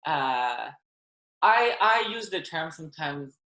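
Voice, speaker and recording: A woman's voice: sits low, expressive, measured pace, pushed and bright, echoey room, rough recording. A woman from Ontario with a Canadian accent, answering interview questions casually with many fillers and laughs. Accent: Ontario French-Canadian. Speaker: guest.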